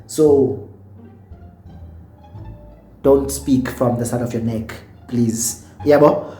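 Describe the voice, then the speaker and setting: A man's voice: mid-range voice, slow, long pauses, echoey room, faint music behind. A tipsy South African man with a South African accent, telling a story in a vlog and acting out what people said. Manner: animated storyteller who acts out quotes. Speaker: YouTuber.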